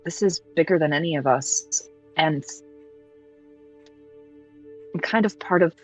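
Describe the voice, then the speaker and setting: A woman voicing an earnest young archer who speaks in a hesitant, halting way. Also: low-pitched, faint music behind, low-quality recording.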